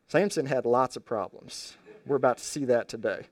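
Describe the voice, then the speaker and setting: A man preaching a storytelling sermon in a conversational, animated way with slangy asides. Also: medium pitch, moderate pace, dry recording.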